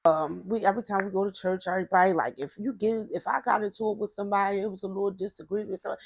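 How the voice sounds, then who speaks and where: Woman storyteller, lively testimony, dry close sound, mid pitch, mimics voices. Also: gravelly, husky, no echo. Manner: animated, acts out other people's quoted voices; repeats herself, trailing fillers like "this, that, and the third". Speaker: testimony speaker.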